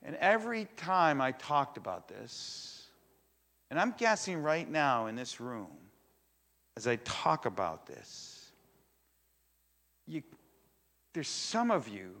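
An older man preaching a sermon to a congregation, telling a story with animated energy and acting out the voices in it. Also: mid-range voice, takes it slowly, pauses often. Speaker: pastor. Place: church in front of a congregation.

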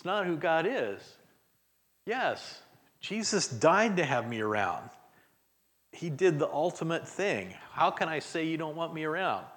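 A man's voice: fairly high pitch, very animated, a little slow, a bit bright. A man preaching an interactive sermon in a church, talking casually, polling the congregation and acting out sample prayers. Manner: conversational, acts out prayers in voices, chuckles often. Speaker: guest speaker. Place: church sanctuary.

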